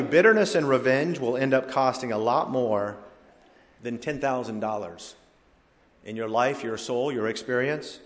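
A man preaches a sermon from the pulpit, his voice swelling into loud emphatic cries before dropping to quiet, low remarks. His voice sits at an ordinary male pitch. It rings out with the long reverb of a large church hall. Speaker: pastor.

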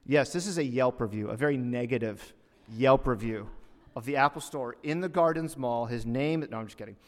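A man preaching a sermon, telling a story in an animated way and rising loud and high at the punchlines. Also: fairly quick. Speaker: pastor. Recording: long reverb of a hall.

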